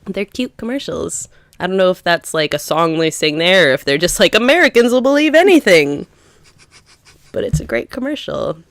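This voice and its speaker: Woman podcast co-host, chatty and filler-heavy, low-ish pitch, dry mic. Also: no room sound. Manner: chatty, lots of "like" fillers, laughs often. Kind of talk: casual chat.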